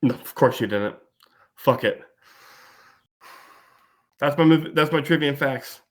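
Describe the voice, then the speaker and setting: A man's voice: medium pitch, a little slow. A man hosting a movie podcast, reading out trivia in a methodical, matter-of-fact way and chatting casually. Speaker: podcast host.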